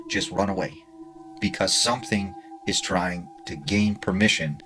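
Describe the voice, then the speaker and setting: A man narrating a spooky true story in a hushed, dramatic way with casual fillers. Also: sits low, fairly even intonation, measured pace, music in the background.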